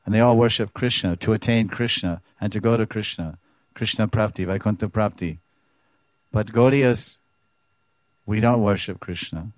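Lower-voiced man giving a devotional talk. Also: normal speed, no room sound. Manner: expressive, repeats words, makes playful sound effects. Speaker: Vaishnava teacher. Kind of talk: devotional lecture.

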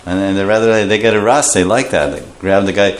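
A man's voice: lowish voice, fairly quick, a little hiss or hum. A man giving a scripture class, explaining terms and acting out voices. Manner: animated, acts out voices while explaining terms. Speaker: scripture teacher.

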